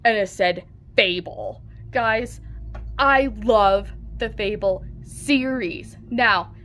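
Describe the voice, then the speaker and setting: A woman vlogging casually at home, rambling excitedly and filling her talk with "like". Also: medium pitch, slow. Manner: rambling, excitable, heavy use of "like". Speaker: book vlogger. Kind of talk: casual vlog chat.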